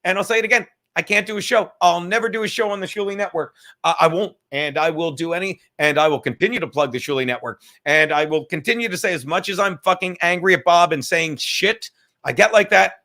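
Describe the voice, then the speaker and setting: A man hosting a live stream, rambling loudly and profanely from topic to topic in casual chat. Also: high voice, fast talker. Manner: loud, rambling, profane, jumps between topics.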